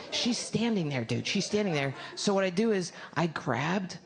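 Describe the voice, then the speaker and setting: A woman's voice: lowish voice, expressive, unhurried, vocal fry. Rambling, crude woman doing stand-up. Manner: rambling, self-interrupting, crude storytelling. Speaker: stand-up comedian. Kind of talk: stand-up routine. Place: comedy club stage with live audience. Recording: live club recording with audience noise.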